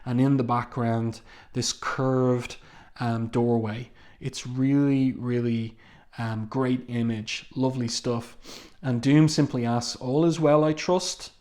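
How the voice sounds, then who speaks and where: Halting man reviewing comics. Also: mid-range voice, little pitch movement, darkish tone. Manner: halting, with many ums and restarts. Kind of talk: casual read-along review.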